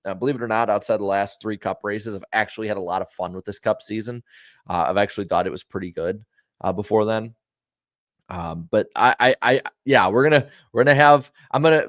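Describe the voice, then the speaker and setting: A man hosting a racing talk show, giving frank opinions in casual, conversational pre-race chat and talking warmly to his viewers. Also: fairly low pitch, moderate pace, no room sound, studio quality. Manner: friendly to viewers.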